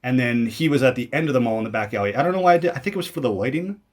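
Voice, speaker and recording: A man's voice: medium pitch, animated, rapid-fire. Rambling, self-mocking young man from Canada. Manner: rambling and self-mocking, many fillers and restarts. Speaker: YouTuber commenting on his own old video. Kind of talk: casual video commentary.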